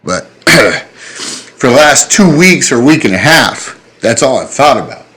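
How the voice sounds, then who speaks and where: A man's voice: mid-range voice, very animated, unhurried, fairly bright tone. A man in his thirties, a podcast host, telling an emotional story in an earnest, plain-spoken way, choked up and slightly tipsy. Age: 30s.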